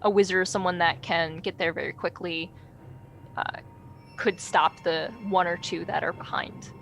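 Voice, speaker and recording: A woman's voice: on the low side, fairly even intonation, moderate pace, vocal fry, fairly bright tone, soft background music. A woman playing a tabletop game, joking and playful. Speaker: player. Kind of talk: casual tabletop game play.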